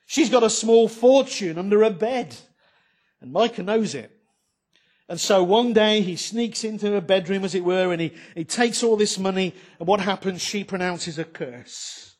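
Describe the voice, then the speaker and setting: A man's voice: sits high, moderate pace, darkish tone. A man preaching a sermon, conversational and emphatic, with frequent rhetorical questions.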